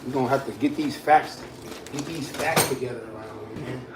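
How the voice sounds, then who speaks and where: A man's voice: mid-range voice, brisk, very noisy. Joking, slangy man live-streaming. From United States. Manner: loose and joking, slangy, answers chat comments. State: tired, yawning. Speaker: livestream host. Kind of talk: casual live-stream chat with viewers.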